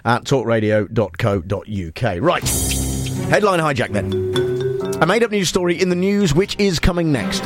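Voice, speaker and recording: A man's voice: medium pitch, sing-song, moderate pace, over music. A man hosting a comic radio show, playful and rambling, often restarting his sentences. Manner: playful, rambling, self-interrupting. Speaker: radio host.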